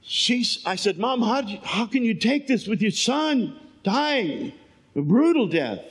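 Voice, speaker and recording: An older man preaching a sermon, moving between shouted lines and quiet storytelling. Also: sits high, very animated, measured pace, husky. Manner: swings from shouting to hushed storytelling. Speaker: pastor.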